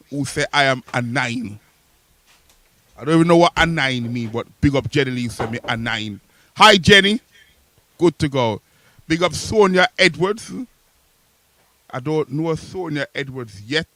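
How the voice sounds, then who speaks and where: A man, co-hosting a casual online radio show and sending playful, argumentative shout-outs. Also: fairly high pitch, moderate pace, pauses often, dry recording. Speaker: co-host and DJ.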